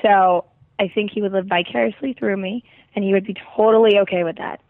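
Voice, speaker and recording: Hoarse woman calling in as a guest, giggly, dry tinny phone sound. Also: mid-range voice, steady tone, a little fast, no echo. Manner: giggly, laughs often. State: hoarse from a cold. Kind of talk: casual chat. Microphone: phone call.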